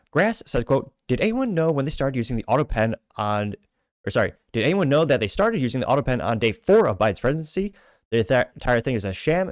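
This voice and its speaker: A man's voice: medium pitch, no room sound, studio quality. A man hosting a casual commentary show, reading out comments with wry, joking asides. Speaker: host.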